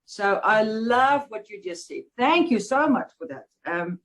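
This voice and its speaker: A woman's voice: medium pitch, lively intonation, unhurried. A woman hosting an interview, chatting casually and affirming her guest encouragingly. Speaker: interview host.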